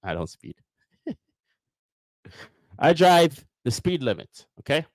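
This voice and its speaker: A man's voice: a little high, big pitch swings, drawn-out words, dry recording. A man hosting a live motivational talk, repeating points emphatically and speaking straight to his viewers. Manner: emphatic, repetitive, addresses viewers directly. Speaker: host.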